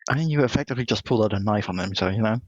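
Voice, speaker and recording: A man's voice: fairly low pitch, racing, a little mellow, dry recording, muffled recording. A man at a tabletop game, dropping dry joking remarks. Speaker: player. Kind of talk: casual table chat.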